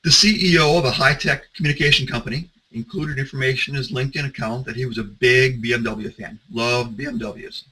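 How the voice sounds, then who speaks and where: Male consultant with a bright, sharp voice, talking through examples in a conversational style. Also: mid-range voice, steady tone, brisk, few pauses, slightly rough, rough recording. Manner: conversational storytelling, some restarts. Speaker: security consultant. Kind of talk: presentation talk.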